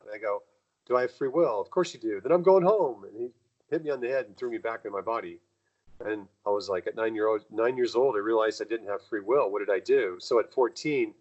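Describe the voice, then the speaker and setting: A man, a guest in an interview, telling long rambling stories in a casual way and acting out the people he quotes. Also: muffled recording. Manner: rambling, acts out quoted dialogue with jumps in pitch. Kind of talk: casual conversational storytelling.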